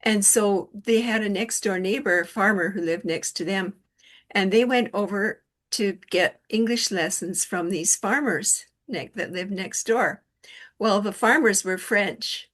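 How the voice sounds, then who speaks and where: A woman's voice: mid-range voice, unhurried, a bit bright. A woman hosting a casual conversation over an online call, telling chatty stories and laughing often. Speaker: host.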